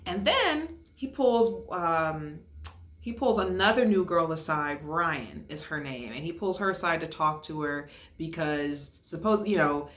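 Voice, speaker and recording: A young woman chats through a reality-show recap with a lowish voice that jumps up high whenever she mimics someone. She laughs often and keeps it loose and gossipy. Her voice bounces off the walls of an echoey room. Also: moderate pace. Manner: animated, acts out quotes in a higher voice, laughs often. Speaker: podcast host reviewing a reality show. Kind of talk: casual recap chat.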